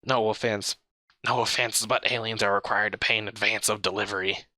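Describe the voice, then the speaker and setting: A man's voice: lowish voice, steady tone, fairly quick, sharp tone, no echo. A man voicing an anxious, fussy male alien cab driver with a whiny, raised voice in a storybook reading.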